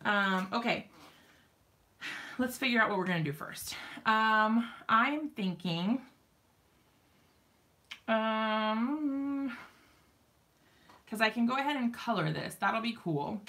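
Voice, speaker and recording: Home crafting streamer, woman: bright, slightly high voice, unhurried chatty delivery, lots of fillers and little laughs. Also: expressive. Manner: chatty, giggly, lots of ums and likes. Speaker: crafting live-stream host. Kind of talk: casual live-stream chat.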